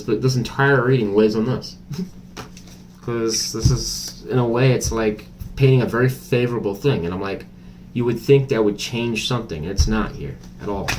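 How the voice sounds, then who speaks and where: A man's voice: medium pitch, a little mellow, slight background noise. A man doing a casual tarot reading to camera, chatty and blunt, thinking aloud with many fillers. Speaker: tarot reader.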